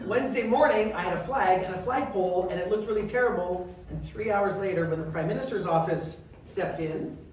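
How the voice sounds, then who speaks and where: A Canadian man, a member of parliament and guest speaker, telling stories in an animated way and acting out quoted dialogue. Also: high voice, fairly quick. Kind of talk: storytelling talk. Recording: echoey and distant, faint noise.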